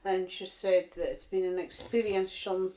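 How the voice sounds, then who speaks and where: A woman's voice: lowish voice, level tone, normal speed, mellow, rough recording. A woman with a north-east Scottish accent, rambling and chatty as she reminisces in an interview. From north-east Scotland. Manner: chatty, rambling, frequent "aye" and "uh-huh". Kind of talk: casual reminiscing chat.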